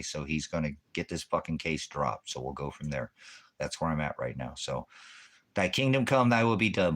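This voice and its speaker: A man's voice: low-pitched, fairly bright tone. A man hosting a ministry livestream, ranting in a heated, profane, rambling way and quoting scripture. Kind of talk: angry livestream rant.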